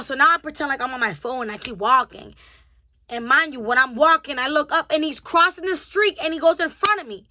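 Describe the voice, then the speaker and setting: A young woman in her twenties telling a story-time vlog in a lively way, acting out both sides of the conversation. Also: high voice, a little fast. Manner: animated, acts out both sides of the dialogue with a rising temper. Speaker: vlogger.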